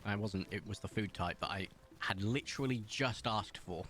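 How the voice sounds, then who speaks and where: A man's voice: on the low side, normal speed, fairly bright tone, a little hiss or hum. A man from England, chatting casually with his live-stream chat while gaming and laughing often. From southern England.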